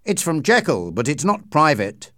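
A man's voice: a little high, sing-song, normal speed, sharp tone, no echo, voice pushed up. Male reader voicing a concerned lawyer, earnest and pressing, lilting delivery, dry close sound. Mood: plain. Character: worried, probing middle-aged male lawyer. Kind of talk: audiobook character reading.

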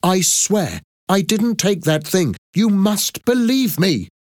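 A man reading an audiobook and voicing a frightened but brave young woman tourist in a husky voice. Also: lowish voice, sing-song, measured pace, darkish tone, no echo, clean studio sound, heavily acted. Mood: upset, pleading.

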